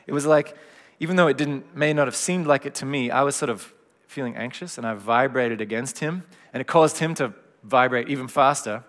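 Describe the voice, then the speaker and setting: A middle-aged man preaching a gentle, reflective sermon in a conversational way. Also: mid-range voice, normal speed. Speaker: pastor. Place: church hall. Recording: long hall reverb.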